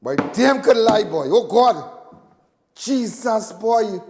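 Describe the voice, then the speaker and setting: A man with a Trinidadian accent hosting a live talk show, giving rambling, animated commentary and repeating himself often. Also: sits high, slow pace, in a large hall, background noise. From Trinidad and Tobago. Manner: animated, repetitive, laughs often.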